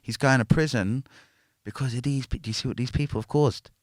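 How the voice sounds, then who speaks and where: A man's voice: mid-range voice, fairly quick, no echo, clean studio sound. A man, a podcast guest telling a story in casual talk, packed with slang and tags like "yeah?" and "innit". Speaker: podcast guest, former prisoner.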